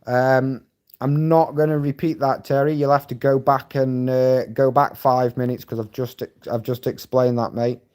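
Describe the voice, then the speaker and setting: A man's voice: medium pitch, little pitch movement, moderate pace, a little mellow, clear, resonant tone. A Scottish man chatting casually on a live stream, rambling and swearing bluntly as he reads and answers viewer comments. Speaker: livestreamer.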